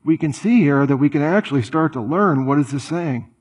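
A man preaching a sermon in a conversational, animated way, full of rhetorical questions and playful asides. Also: a little high, fairly quick, breathy edge. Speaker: pastor.

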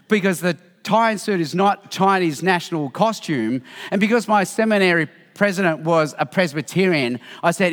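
Middle-aged aussie guy teaching about faith, kinda high voice, lots of hall echo, tells stories and does the quotes. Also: normal speed. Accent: Australian. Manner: lively storytelling, acts out quotes. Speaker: Christian teacher on evangelism. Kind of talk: teaching talk with anecdotes.

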